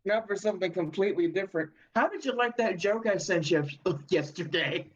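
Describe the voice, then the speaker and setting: A man's voice: high voice, expressive, fairly quick. A young man co-hosting a podcast over a call, laid-back and teasing, often laughing between words. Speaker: podcast co-host. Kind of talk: casual chat over a voice call. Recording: dull crackly remote mic.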